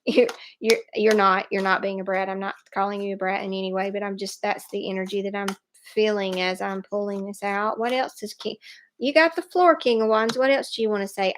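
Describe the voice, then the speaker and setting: A woman giving a live tarot reading, speaking in an animated, emphatic way and laughing often. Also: medium pitch, brisk, slight background noise. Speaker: tarot reader.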